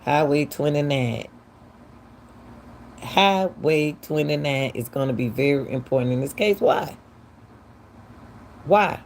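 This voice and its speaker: A woman's voice: low voice, animated, slow pace, creaky, pauses often, slight background noise. A woman, hosting casual true-crime commentary, talking emphatically and firing off repeated, incredulous questions. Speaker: commentary channel host.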